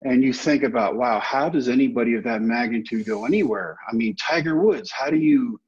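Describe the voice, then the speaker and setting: A man in his fifties, a former ballplayer, telling animated stories as a podcast guest and acting out the quotes. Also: medium pitch, fairly quick, husky. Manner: animated anecdotes with acted-out quotes. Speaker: guest, former baseball player. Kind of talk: storytelling interview. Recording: dull lo-fi podcast audio.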